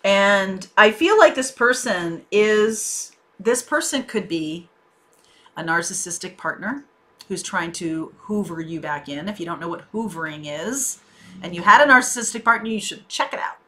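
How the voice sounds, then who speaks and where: Bright-voiced woman giving a tarot reading. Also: medium pitch, lively intonation, moderate pace. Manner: conversational and reassuring, with frequent fillers. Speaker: tarot reader.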